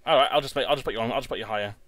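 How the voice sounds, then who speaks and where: A young man in his twenties hosts a let's-play from a home recording setup, talking in a rapid-fire, mid-range voice with a fairly bright tone. His casual gameplay commentary is chatty and rambling, and he stumbles over and repeats words.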